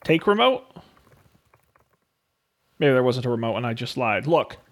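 A man co-hosting a podcast, calling out commands in a text adventure with tentative quick corrections. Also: medium pitch, big pitch swings. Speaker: podcast co-host giving game commands. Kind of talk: casual play-through chat.

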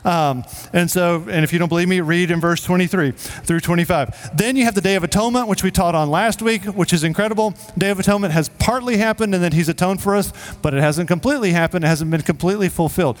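High-voiced man preaching in a hall. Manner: casual, joking, quick asides. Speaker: pastor. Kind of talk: sermon. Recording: long reverb of a hall.

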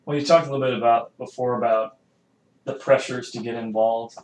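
A man's voice: medium pitch, steady tone, brisk. A man who serves as a military chief, talking hesitantly with many fillers in a casual podcast conversation. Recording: roomy, faint ambience.

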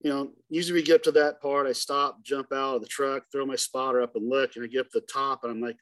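Middle-aged man telling an animated story. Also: mid-range voice, fast, few pauses. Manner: animated, acts out dialogue in the story. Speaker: hunting guide. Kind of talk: casual storytelling interview.

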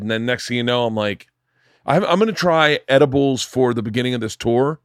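Brief: middle-aged male podcast host, middle pitch, rambling and stammery, dry close-miked sound. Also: fairly quick, no room sound. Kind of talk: casual chat.

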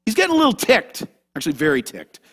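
A man pastor preaching a sermon to a congregation, animated and direct, moving between loud emphasis and hushed asides. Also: sits high, quick pace. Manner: animated, talks straight to the congregation.

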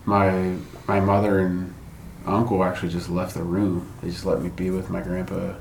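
A man's voice: low-pitched, monotone, normal speed, gravelly, a little mellow, a little hiss or hum. A middle-aged man telling a personal story in a casual, rambling way, swearing freely and laughing between thoughts. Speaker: guest sharing a grief story. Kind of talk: casual podcast chat.

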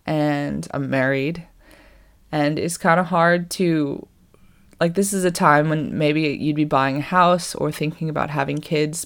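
An American in their twenties, with a gravelly mid-range voice, chats casually and rambles about life abroad.

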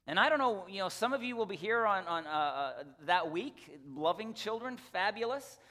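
A man's voice: high voice, animated, moderate pace, pushed and bright. A man who is a pastor, giving a casual, folksy church announcement and then leading a prayer from the pulpit. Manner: conversational, folksy, with restarts and asides. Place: church sanctuary. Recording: long reverb of a church sanctuary.

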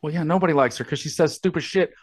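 A man co-hosting a podcast, easygoing, arguing his point calmly and chuckling often. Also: fairly high pitch, fast talker, no echo, studio quality. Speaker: podcast co-host. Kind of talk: casual podcast banter.

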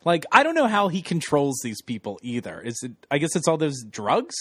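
A man's voice: on the high side, very animated, brisk, breathy edge, no echo. A man co-hosting a podcast, leading a casual plot recap and swearing now and then. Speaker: podcast co-host.

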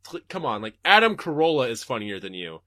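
A young man hosting a podcast, answering listener questions in a casual, profane, animated rant from his home desk. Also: medium pitch, brisk, no room sound, clean studio sound.

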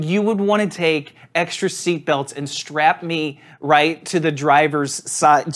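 A man preaching a sermon, telling a funny personal story in a relaxed, conversational way and laughing at himself. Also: a little high. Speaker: pastor. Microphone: on camera.

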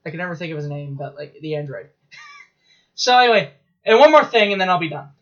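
A man in casual chat as a podcast co-host, telling stories in an excitable, rambling way with swearing and laughs. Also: fairly high pitch, fairly quick, lo-fi sound.

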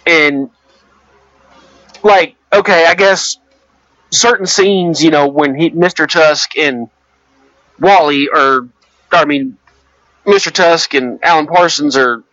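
A man's voice: a little high, slow pace, pauses often, a bit bright, dry recording. Rambling, hesitant man in casual chat. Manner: rambling, hesitant, many restarts. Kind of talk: casual movie discussion. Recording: dull lo-fi dry recording.

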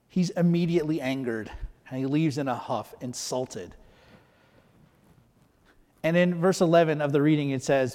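A man's voice: a little high, moderate pace, warm tone, long reverb tail. A man preaching a sermon as pastor, talking conversationally and asking rhetorical questions.

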